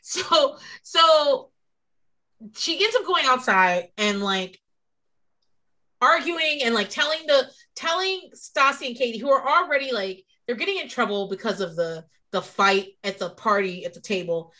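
A woman with a fairly high, unhurried voice co-hosts a casual chat recapping a reality show. She tells gossip laced with profanity, animating the story by acting out quoted lines in different voices.

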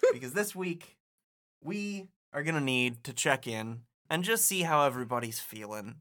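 A man's voice: medium pitch, sharp tone. A man narrating as game master of a tabletop role-playing game, laid-back, swearing and laughing easily.

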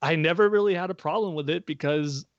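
A man's voice: a little high, fast talker, dry recording, dull audio. A man in a casual watch-along chat who laughs often between points.

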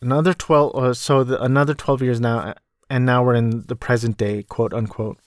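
Podcast host, male, young adult, rambling film recap, self-deprecating, mid-pitched, dry close mic. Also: fairly even intonation, moderate pace, no echo. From United States. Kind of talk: casual film recap monologue.

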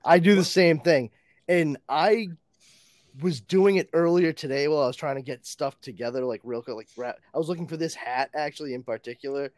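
A man hosting a podcast, telling animated stories in casual chat and swearing freely. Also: a little high, fairly quick. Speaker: podcast host.

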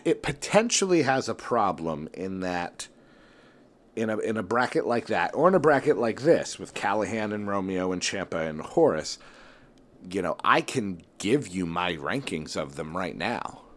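A man's voice: low-pitched, big pitch swings, normal speed, fairly bright tone. A man hosting a solo wrestling tournament bracket show, thinking aloud in casual talk with lots of fillers and restarts.

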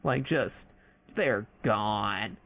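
A man's voice: fairly low pitch, extremely slow, a bit bright. A man in casual chat, rambling and swearing, with lots of fillers.

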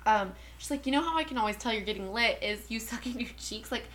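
A woman's voice: on the high side, expressive, fast, a bit bright. A woman co-hosting a casual podcast, telling stories in a chatty way and laughing often. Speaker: podcast co-host. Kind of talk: casual chat.

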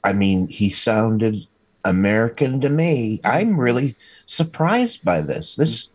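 A man's voice: mid-range voice, very animated, takes it slowly, dry recording. A man chatting casually as co-host about film, hesitant with frequent restarts. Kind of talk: casual chat.

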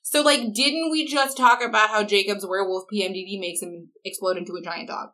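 A woman's voice: medium pitch, steady tone, a little fast, hardly any pauses, sharp tone. A young woman co-hosting a podcast, summarizing plot points wryly in casual chat and correcting her co-host. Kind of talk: casual chat, book recap.

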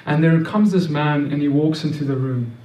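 A man's voice: fairly high pitch, normal speed, warm tone, recorded from a distance. Earnest preacher man in an echoey room. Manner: earnest, repetitive, with many restarts and stammered words. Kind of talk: sermon.

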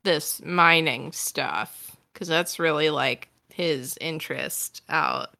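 Bright-voiced woman musing tentatively. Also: sits low, vocal fry, no room sound, studio quality. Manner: tentative, drawn-out and filler-heavy. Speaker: player. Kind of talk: casual tabletop game planning chat.

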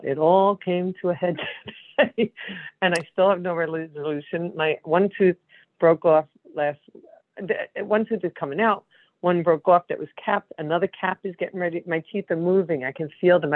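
A worn-down woman calling into a support group from her apartment, talking in a weary, halting way and breaking off mid-sentence. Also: lowish voice, dry recording. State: worn down, emotionally drained. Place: condo apartment. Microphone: phone. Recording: tinny phone line.

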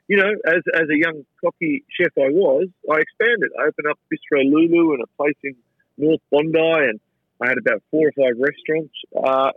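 A man's voice: a little high, husky, dry recording, narrow, tinny audio. A man with an Australian accent, a chef telling stories from his career in a casual interview, often stumbling and repeating words as he goes. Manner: chatty, stumbling repetitions of words. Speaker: chef and restaurateur, interview guest. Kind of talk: casual anecdotal storytelling.

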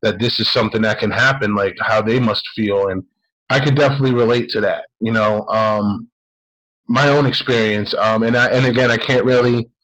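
A man's voice: fairly low pitch, steady tone, moderate pace, fairly bright tone, poor audio. A man telling a story in a casual, rambling way as a podcast host.

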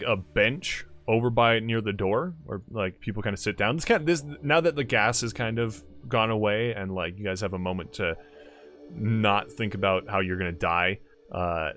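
A young man guides players through a tabletop game in a relaxed, rambling way, full of "like" and "kinda". His voice sits fairly low. Faint music plays underneath. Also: normal speed. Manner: rambling, lots of "like" and "kinda", laughs often. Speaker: game master. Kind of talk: casual tabletop narration.

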